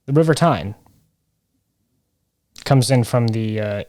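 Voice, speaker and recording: A man's voice: mid-range voice, darkish tone. A man with a middle-range voice hosts a casual podcast chat. He explains things patiently and teases his co-host, and his sentences often stall on little fillers. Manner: explanatory and teasing, with halting fillers.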